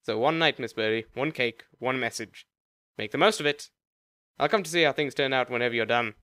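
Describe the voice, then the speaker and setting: A man's voice: mid-range voice, a little fast, pushed and bright, dry recording, close to an everyday voice. A man voicing a courteous male agent of the afterlife who talks in polished, formal sales patter.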